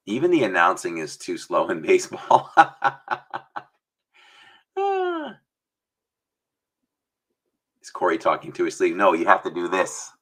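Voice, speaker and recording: A man's voice: deep voice, bright, forceful tone. A man hosting a casual livestream chat, rambling and chatty, sometimes slipping into an announcer voice. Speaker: livestream host.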